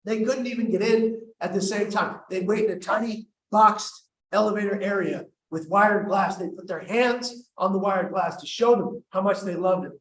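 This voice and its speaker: A man's voice: high-pitched, moderate pace, few pauses. A man telling a personal story at a summit, wry and self-mocking, with humorous asides. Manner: wry, self-mocking, acts out quoted voices. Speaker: summit speaker. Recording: echoey hall from far off, faint noise.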